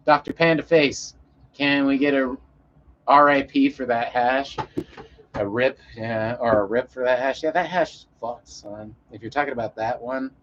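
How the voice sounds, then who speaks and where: A man's voice: mid-range voice, normal speed, dull audio, slight background noise. A man chatting casually on a live stream, rambling and swearing in an easygoing way.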